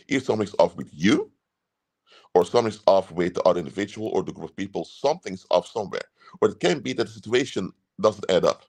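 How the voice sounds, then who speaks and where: A man's voice: low voice, gravelly, darkish tone. A man speaking as a consultant, giving earnest, emphatic advice and repeating his key points. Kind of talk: advice talk to camera.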